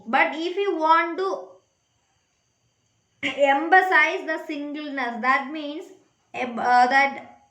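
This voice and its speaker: A woman's voice: high voice, bright, forceful tone, reverberant. A woman teaching an English grammar lesson to children, asking questions and checking with the class.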